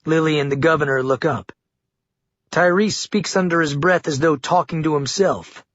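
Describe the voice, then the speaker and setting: A man reading an audiobook in a measured, dramatic scripted narration. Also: a little high, dry recording. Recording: dull lo-fi dry recording.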